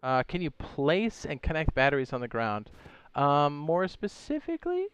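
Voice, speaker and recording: A man's voice: fairly high pitch, huge pitch swings, moderate pace, a bit bright, smooth, dry recording, lo-fi sound. A man streaming a game live, casually walking viewers through how things work step by step and answering chat questions with playful asides. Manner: chatty, explains step by step while reading chat questions aloud; playful asides and goofy sound effects.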